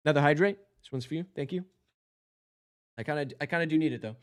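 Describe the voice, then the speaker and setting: A hoarse man talking casually to a live-stream audience in rambling, self-deprecating asides. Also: a little high, quick pace, pauses often.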